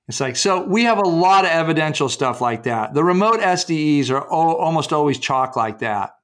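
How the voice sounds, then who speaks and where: A man's voice: a little high, lively intonation, normal speed, few pauses, a bit bright. A man being interviewed about his research and book, telling case stories with many restarts and fillers and acting out the quotes. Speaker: author and researcher, guest.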